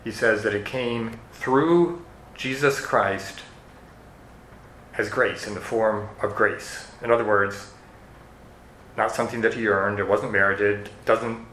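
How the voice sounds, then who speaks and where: A man's voice: mid-range voice, fairly even intonation, unhurried, fairly bright tone, a little hiss or hum. A man preaching an expository sermon, walking listeners through the verses in an earnest teaching tone. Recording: echoey room with faint ambience.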